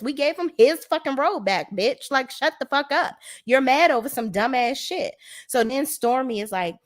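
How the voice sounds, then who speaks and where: A woman in a casual video rant about a TV show, blunt and sassy with frequent swearing. Her voice sits fairly high and jumps all over the place, from loud high exclamations down to low asides. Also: animated, moderate pace. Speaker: reality TV reviewer.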